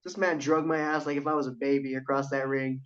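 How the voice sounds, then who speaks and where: A young wrestler, guesting on a laid-back podcast, tells a story at a quick clip in a medium-pitched voice. He's an animated storyteller who swears freely and quotes what other people said. The audio is dull and lo-fi.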